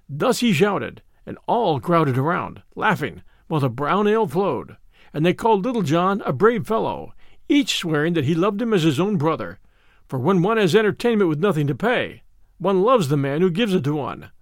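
A man narrating a classic adventure tale as an audiobook, reading in an expressive, theatrical way. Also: fairly high pitch, moderate pace, no echo, clean studio sound.

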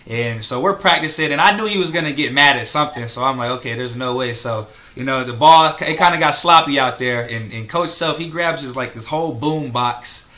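A man's voice: on the high side, a little fast, few pauses, bright, forceful tone. A young man, a college basketball player, talking casually in an interview, with many fillers. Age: young adult.

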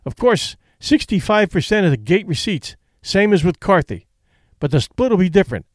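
A man's voice: high voice, very animated, normal speed, no echo, clean studio sound, pitched above the performer's own voice. A man reading aloud and voicing a brash, cocky young boxer who talks in a breezy, mocking way.

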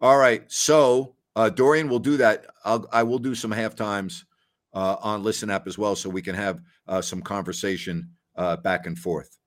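A man in his sixties hosts a casual sports talk show. His voice sits on the low side, and he chats in a folksy, rambling way full of exclamations. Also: steady tone, moderate pace. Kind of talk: casual chat.

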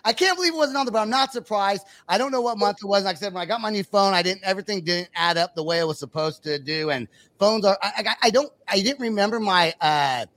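Lively, high-voiced American man host. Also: quick pace, hardly any pauses. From United States. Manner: loose, rambling, swears freely. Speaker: podcast host. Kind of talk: casual interview chat.

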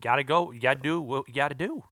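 A man's voice: mid-range voice, fast talker, bright, forceful tone, dry recording, clean studio sound. A man co-hosting a podcast, chatting and telling a wisecracking anecdote. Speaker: podcast co-host. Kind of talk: casual chat.

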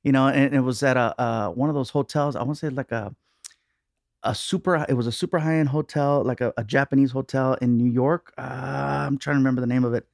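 A male comedian guest on a podcast, chatting casually and telling animated stories, jumping into loud, high voices when he quotes people. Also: brisk, gravelly, dry recording, studio quality.

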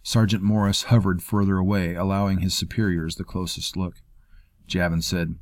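A man reading a fantasy story in measured, scripted narration. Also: low-pitched, flat delivery, dry recording, studio quality. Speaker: audiobook narrator.

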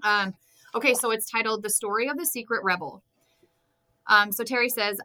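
A woman's voice: a little high, moderate pace, pauses often, pushed and bright, low-quality recording. A woman co-hosting a Christian podcast, chatting earnestly and reading a testimony aloud. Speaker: podcast co-host. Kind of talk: faith podcast conversation and story reading.

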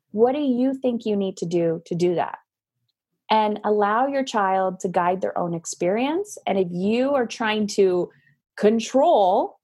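Husky-voiced woman guest, frank and animated storyteller, coaching parents over a video call. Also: medium pitch. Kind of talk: casual interview talk.

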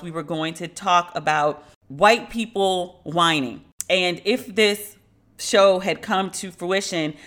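A woman hosts a podcast by herself, recounting a story with sardonic mockery and switching into quoted voices. Her voice sits lowish and has a fairly bright tone.

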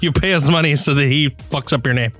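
A man's voice: fairly high pitch, quick pace, soft background music. A man co-hosting a casual podcast, reacting with disbelief and laughter to his co-host. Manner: incredulous, laughing, animated. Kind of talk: casual chat.

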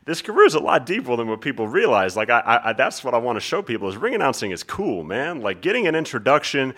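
Guest spot: relaxed talkative man, bright forceful tone. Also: mid-range voice, fast talker. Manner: laid back, talkative. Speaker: guest, ring announcer. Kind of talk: casual interview chat.

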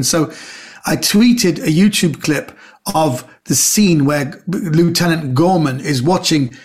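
A man's voice: a little high, takes it slowly. A middle-aged man, a comedian guest on a podcast, chatting casually and telling rambling stories, acting out the quotes.

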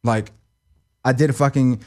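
A young man as an interview guest, talking emotionally in a halting, profane way that stumbles and repeats. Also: mid-range voice, fairly even intonation, a little mellow.

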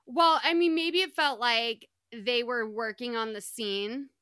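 A woman's voice: a little high, a little slow, sharp tone, smooth, no echo. A young adult woman recapping a movie on a podcast, chatty and full of "like.". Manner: chatty, lots of "like". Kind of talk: casual chat.

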